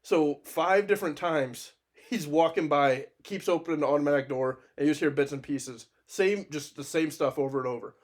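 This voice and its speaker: A man co-hosting a podcast, telling a wild anecdote in casual chat, animated and profane, laughing often. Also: a little high, moderate pace, hardly any pauses. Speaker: podcast co-host.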